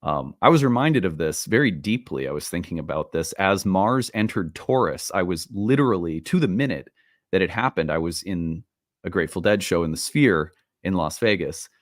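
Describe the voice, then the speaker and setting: A man hosting an astrology video in a casual talk, animated and self-deprecating, laughing at his own jokes, recorded at home. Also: sits low, moderate pace, dry recording, clean studio sound. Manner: self-deprecating, playful asides. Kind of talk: casual solo talk to camera. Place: home room with open windows.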